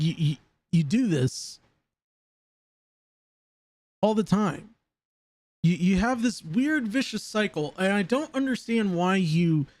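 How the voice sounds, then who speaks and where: A man's voice: sits high, no room sound. A man live-streaming casual commentary, rambling and often stammering over repeated words.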